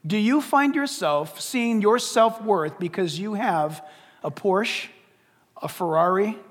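Slow and animated, a man with a voice that sits high preaches from the pulpit as pastor. The sermon in the church sanctuary is emphatic and full of rhetorical questions, heard through long hall reverb.

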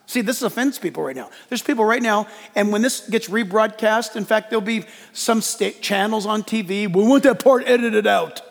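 High-voiced preacher man, long reverb. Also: normal speed, gravelly, hardly any pauses. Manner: animated preaching with jokes and acted-out quotes. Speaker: pastor. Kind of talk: sermon. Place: church.

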